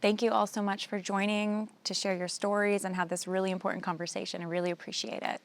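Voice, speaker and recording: A woman hosting a panel conversation, thanking guests and inviting them to speak in a gentle, polite way. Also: mid-range voice, level tone, fast talker, faint music behind. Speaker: host.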